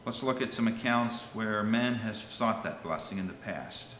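A man preaching a sermon, swinging from loud calls to hushed lines, and reading scripture in old-fashioned wording. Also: fairly low pitch, normal speed, slight background noise. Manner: reads scripture in King James wording. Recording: echoey hall with long reverb.

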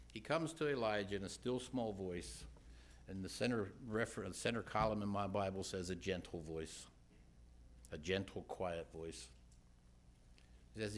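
Guy preaching in church, earnest, gets loud on questions then drops real quiet. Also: lowish voice. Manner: earnest, swings between loud rhetorical questions and hushed storytelling. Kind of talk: sermon.

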